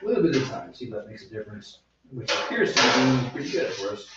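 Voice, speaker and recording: A man's voice: mid-range voice, sing-song, quick pace. Man, mid voice, laid-back brewing chat; far off, echoey, muffled and noisy home recording. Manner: easygoing, short replies, talks through his steps. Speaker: homebrewing video co-host. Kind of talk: casual chat while brewing. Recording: roomy, distant, dull and very noisy home recording.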